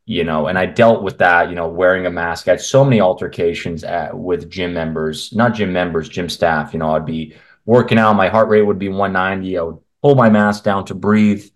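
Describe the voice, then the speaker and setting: A man's voice: low voice, fairly even intonation, a little fast, few pauses. A man speaking as a guest, a men's health coach, chatting bluntly and with strong opinions in long rambling runs over a video call. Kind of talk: casual interview conversation. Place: at home in Canada.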